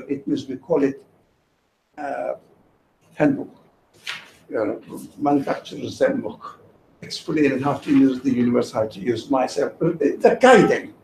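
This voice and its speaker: High, lively man teaching in an echoey room. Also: creaky. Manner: patient, reasoning aloud with examples. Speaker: religious teacher. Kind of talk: explaining religious ideas in conversation. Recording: echoey room with faint noise.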